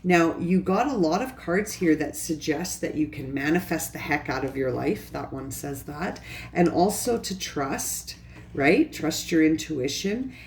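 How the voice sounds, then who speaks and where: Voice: medium pitch, animated, unhurried, roomy sound, a little hiss or hum. A tarot reader giving a pick-a-pile reading, speaking straight to the viewer in an earnest, repetitive way full of rhetorical questions.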